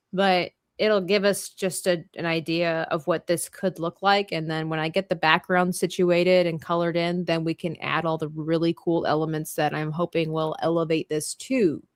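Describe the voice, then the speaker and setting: A woman's voice: fairly low pitch, dry recording, clean studio sound. A woman hosting a live drawing stream, chatting playfully and thinking aloud as she works. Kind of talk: casual chat while drawing.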